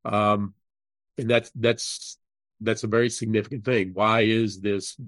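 Male interview guest, low register, earnest and halting, dry recording. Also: little pitch movement, a bit bright, no echo. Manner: earnest storytelling, halting restarts. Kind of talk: casual interview conversation.

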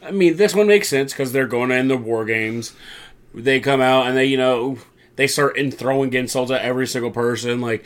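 A man casually recapping a wrestling show as podcast co-host, rambling and acting out quotes in lively voices. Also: medium pitch, fairly quick.

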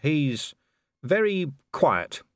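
A man reading as a blunt middle-aged commander of the watch. He is plain-spoken and wary, with a lively, expressive delivery in a dry, close recording. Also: a little high, very slow, no room sound, voice pushed up, exaggerated voice.

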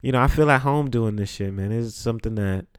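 A man hosting a podcast, telling stories in a profane, animated way, with congested sinuses. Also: mid-range voice, fairly quick, clear, resonant tone, no echo, clean studio sound. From the Bronx, New York. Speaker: podcast host. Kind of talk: casual storytelling monologue.

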